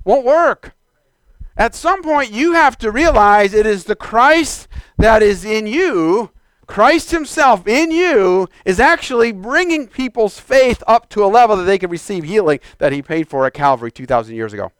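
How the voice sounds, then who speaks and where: A man preaching a sermon, moving from quiet, measured teaching to loud, exclaimed calls to the congregation. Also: high-pitched, expressive, clean tone, no room sound.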